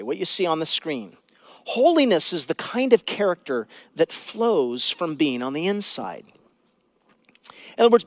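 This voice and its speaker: A man preaching a sermon as pastor, moving between hushed, near-whispered lines and loud, rising exclamations. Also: high voice, no echo.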